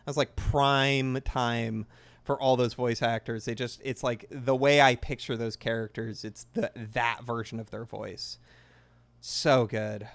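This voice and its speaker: A man's voice: medium pitch, fairly even intonation, unhurried, creaky, no room sound. Rambling young man chatting while gaming. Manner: rambling, enthusiastic, restarts often. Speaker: gaming video creator. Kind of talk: casual chat while playing.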